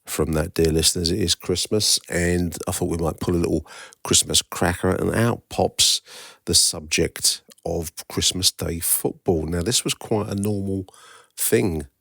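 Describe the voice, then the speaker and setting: Man, podcast host, deep, gravelly, measured, chatty, dry sound. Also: steady tone, a bit bright, no echo. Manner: measured, chatty, addresses listeners. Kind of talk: podcast presenting.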